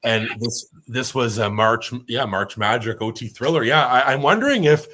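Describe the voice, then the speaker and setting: A man's voice: medium pitch, moderate pace, pushed and bright. A man hosting a live-streamed casual chat who rambles with lots of fillers and reads out viewer votes. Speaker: host.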